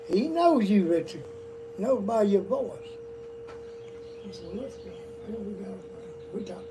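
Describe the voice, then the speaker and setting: A man's voice: high voice, lively intonation, moderate pace. Older man, profane rambling yarns. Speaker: storyteller guest. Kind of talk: casual storytelling. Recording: distant mic, noisy room.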